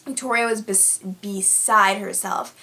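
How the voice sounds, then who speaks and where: A woman's voice: mid-range voice, measured pace, sharp tone. A young woman telling stories casually to her vlog audience, chatty with lots of fillers. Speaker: vlogger. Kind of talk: casual storytelling.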